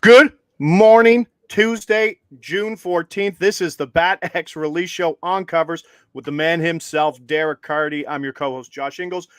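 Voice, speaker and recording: A man's voice: fairly high pitch, moderate pace, few pauses, clean tone, no echo. A man co-hosting a live sports betting stream, upbeat and walking viewers through each step. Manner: upbeat, steady and instructive, walks viewers through steps. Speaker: co-host.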